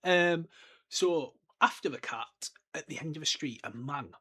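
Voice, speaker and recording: A young man hosting a casual podcast, talking in an animated, chatty way and often correcting himself mid-sentence. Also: on the high side, a little slow, breathy edge. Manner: chatty and animated, with many fillers and self-corrections. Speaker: podcast host. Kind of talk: casual book-discussion podcast.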